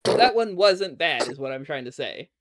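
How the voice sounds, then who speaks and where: A man's voice: fairly high pitch, very animated, normal speed, noisy background. A man hosting a casual podcast chat, rambling and sarcastic, swearing often. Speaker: podcast host.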